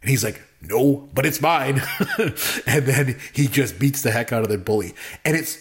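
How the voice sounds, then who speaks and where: A man's voice: mid-range voice, a little fast. A man co-hosting a casual movie talk, enthusiastic and rambling, with lots of fillers. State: married. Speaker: podcast co-host.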